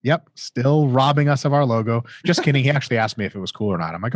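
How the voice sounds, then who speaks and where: A man's voice: medium pitch, lively intonation, fast, no room sound. A man in his thirties co-hosting a casual question-and-answer chat, joking and swearing freely. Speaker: co-host answering viewer questions.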